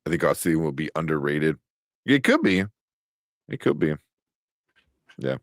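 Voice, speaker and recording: A man with a low voice co-hosts a casual chat. His pitch swings up and down as he talks, and he laughs and restarts his sentences. The sound is dry and close. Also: sing-song, unhurried, dry recording. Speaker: co-host.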